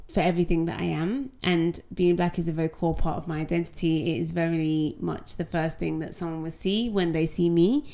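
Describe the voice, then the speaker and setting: A woman's voice: lowish voice, creaky, a little mellow. A woman with an English accent hosting a podcast, telling candid, rambling stories in a casual monologue. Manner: chatty, candid, rambling storytelling. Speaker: podcast host.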